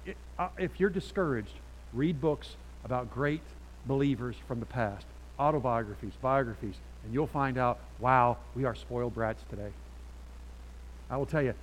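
A middle-aged man preaching a sermon as pastor, animated and chatty, dropping to quiet asides and then getting loud. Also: mid-range voice, a little hiss or hum, poor audio.

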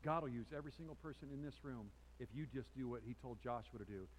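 A pastor preaching a sermon to his congregation, telling a personal story with restarts and asides, swinging from loud emphatic peaks to quiet, intense lines. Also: medium pitch, fast talker, a little hiss or hum, low-quality recording. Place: church sanctuary before a congregation.

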